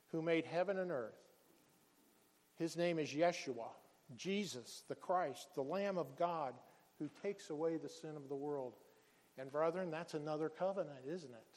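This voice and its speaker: A man's voice: on the high side, lively intonation, moderate pace, dark tone, in a large hall. A man preaching a sermon as pastor, earnest, calling his listeners brethren and children, often repeating and restarting words.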